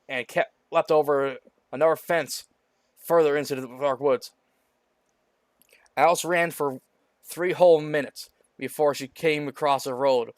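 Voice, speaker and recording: Man reading a story aloud, casual, stumbles and restarts often, slightly high, dry close recording. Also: clear, resonant tone, no room sound. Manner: stumbling over words, frequent restarts. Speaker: story reader.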